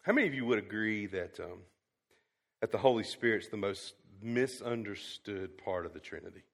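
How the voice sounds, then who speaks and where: A male pastor preaching a sermon, swinging from quiet to loud and emphatic. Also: fairly low pitch, lively intonation, moderate pace, creaky. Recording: long hall reverb.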